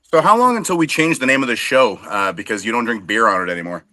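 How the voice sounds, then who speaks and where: A man's voice: mid-range voice, animated, fast talker, bright, forceful tone, no echo. A man co-hosting a casual sports podcast, cracking dry self-deprecating jokes. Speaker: co-host.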